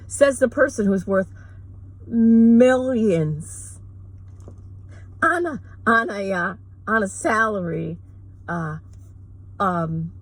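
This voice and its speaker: A woman vlogger ranting sarcastically in a rambling, mocking way, with quick asides. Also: mid-range voice, dry recording, poor audio. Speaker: mother. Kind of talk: sarcastic comedic rant.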